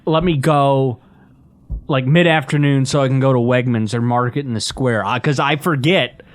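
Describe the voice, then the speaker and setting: A man's voice: medium pitch, moderate pace. A man, co-hosting a podcast and rambling through a complaint with lots of fillers. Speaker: podcast co-host. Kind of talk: casual podcast chat.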